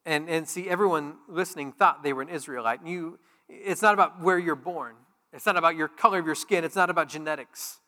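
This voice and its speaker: A man preaching a sermon as pastor, conversational and joking, swinging from loud emphatic peaks to quiet intimate asides. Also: fairly high pitch, fairly quick. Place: large church sanctuary. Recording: long hall reverb.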